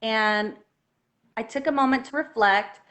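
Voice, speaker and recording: A woman telling a personal story in an earnest, animated way, at times close to tears. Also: fairly high pitch, unhurried. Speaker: guest telling her story.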